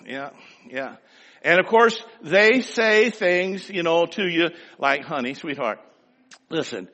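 A man's voice: fairly high pitch, sharp tone. A man preaching a sermon, telling a homespun story in a folksy, anecdotal way before turning to scripture with emphasis. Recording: long hall reverb.

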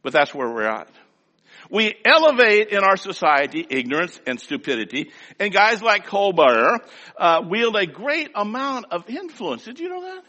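A man's voice: sits high, big pitch swings, normal speed, bright, forceful tone, big-room sound. An older man preaching a sermon in a folksy, rhythmic way, with lots of repetition. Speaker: pastor.

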